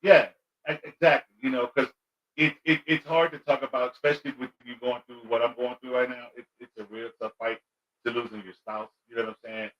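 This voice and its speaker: A man, a comedian guest on a podcast, talking candidly in relaxed chat and stumbling over his words. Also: mid-range voice, fairly quick, dull audio.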